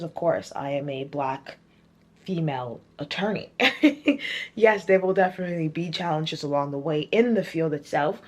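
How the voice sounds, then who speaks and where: A young woman chatting casually to camera in a vlog, animated and laughing often. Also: sits low. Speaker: vlogger.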